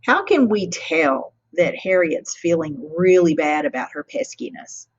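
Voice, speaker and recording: A woman teacher reading a picture book to children, pausing often to ask them questions. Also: lowish voice, animated, breathy edge, highs cut off. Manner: warmly interactive, asking children questions.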